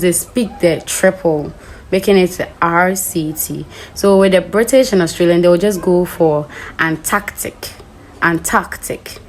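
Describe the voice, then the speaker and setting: A woman hosting an English pronunciation lesson. She speaks deliberately, spells words out letter by letter and checks that the viewer understands. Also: fairly low pitch, a little mellow, a little hiss or hum, poor audio. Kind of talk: spoken language lesson.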